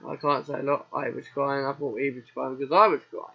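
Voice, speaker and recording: A man's voice: mid-range voice, level tone, quick pace, vocal fry, husky, highs cut off. A British man with a sore throat, chatting casually through a farming game as its host, rambling and answering his own questions. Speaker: let's play host.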